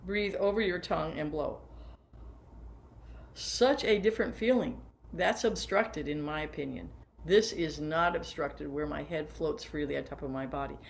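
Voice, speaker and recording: A band teacher in her 70s leads a workshop lesson for other teachers, coaching from a seated position and demonstrating as she goes. Her deep, creaky voice moves at a normal speed, warm and hands-on as she guides listeners through exercises. There's slight background noise.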